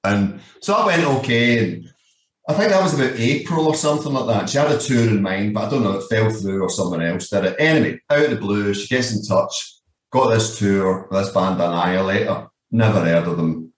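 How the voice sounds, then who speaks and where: A man's voice: on the low side, lively intonation, fairly quick. A Scottish man in his fifties, a guest telling long rambling anecdotes, swearing freely and leaning on "you know what I mean". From Scotland. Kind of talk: casual storytelling. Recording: echoey room, distant mic.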